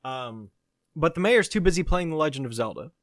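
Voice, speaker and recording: A man's voice: on the high side, lively intonation, brisk, no echo, studio quality. A man co-hosting a podcast, chatting casually and laughing often. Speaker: podcast co-host. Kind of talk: casual chat.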